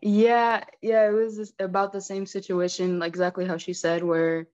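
A woman's voice: mid-range voice, little pitch movement, normal speed, darkish tone. A woman on a video call, speaking politely and a little hesitantly. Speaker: convert taking shahada. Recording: dull lo-fi video call audio.

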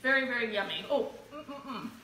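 Talking fast in a sharp, a little high voice with lively intonation, a woman fries tortilla chips at home while hosting a live giveaway stream. She's bubbly, chatting with viewers and letting out frequent whoops. Far from the mic and a bit off it, she's surrounded by roomy echo and faint room noise.

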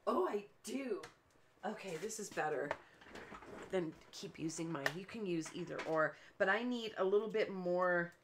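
A woman's voice: fairly low pitch, lively intonation, normal speed, background noise. A woman hosting a cardmaking livestream from her home craft room, chatting and telling long stories while she works. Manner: chatty, rambling storyteller who laughs often. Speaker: cardmaking show host.

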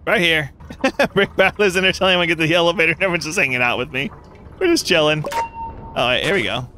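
A young man giving playful, animated commentary while playing a game, with quick reactions and jokey cries of pain. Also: fairly high pitch, slight background noise. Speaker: gaming YouTuber.

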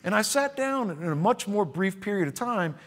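A man who works as a contractor and trainer tells a story straight to the camera in a casual way. His voice sits a little high and swings widely. He slips into the voices of the people he quotes. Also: moderate pace. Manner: animated, acts out quoted voices.

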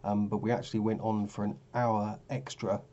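A man's voice: lowish voice, little pitch movement, normal speed, mellow, lo-fi sound. A tired man talking casually through his trading charts, rambling and correcting himself as he goes. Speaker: forex trading vlogger. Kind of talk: casual screen-share commentary.

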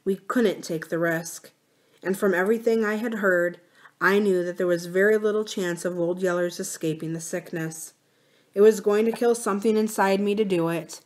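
Woman reading a storybook aloud. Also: on the low side. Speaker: library story reader.

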